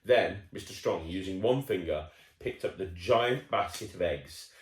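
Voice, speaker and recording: A man's voice: low-pitched, expressive, unhurried, reverberant. A man reading a children's picture book aloud, playful and chatty, breaking off to talk with the child listening. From United Kingdom. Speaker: children's storyteller.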